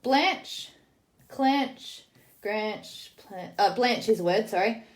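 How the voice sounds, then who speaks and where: Woman, casual tutorial voice, sounds out words slowly, then chats briskly, mid-pitched. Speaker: teacher demonstrating literacy games.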